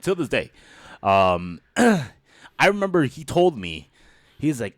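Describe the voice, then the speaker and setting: A man's voice: mid-range voice, big pitch swings, unhurried. A young man hosting a podcast, telling school stories casually, swearing freely and laughing often. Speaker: podcast host. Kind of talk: casual storytelling chat.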